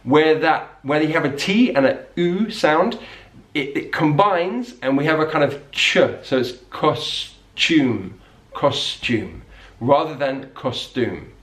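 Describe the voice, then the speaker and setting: A man with a British English accent teaching pronunciation, explaining clearly and slowing down to model words. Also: a little high, expressive, fairly bright tone, far from the mic. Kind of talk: pronunciation lesson. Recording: roomy echo.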